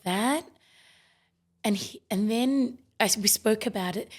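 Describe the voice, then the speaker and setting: A middle-aged woman, a guest in a conversational interview, telling family stories with lively acted-out quotes. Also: mid-range voice, takes it slowly. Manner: animated storyteller, acts out family quotes.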